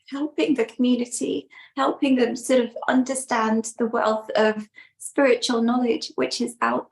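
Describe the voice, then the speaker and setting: A woman shares her thoughts on a livestream panel in a high voice with lots of gravelly fry. She is reflective and hedges often with small fillers.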